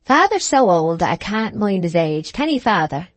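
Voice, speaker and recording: A woman's voice: mid-range voice, very animated, normal speed, dry recording, natural voice. Woman reading as an old, bent country son. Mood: plain. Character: elderly son of the maltster, bent man. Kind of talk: audiobook character reading.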